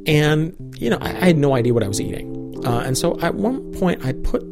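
A man's voice: a little high, fairly quick, gravelly, over loud music. A middle-aged man, a professor, animatedly telling a personal story, full of casual fillers. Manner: lively, many "like" and "you know" fillers. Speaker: professor, interviewee.

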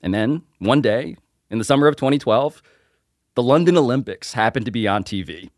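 A man's voice: medium pitch, animated, brisk, darkish tone, no room sound, clean studio sound. A man reporter reading a scripted story in a wry, playful way. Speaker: reporter narrating. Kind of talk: scripted narration.

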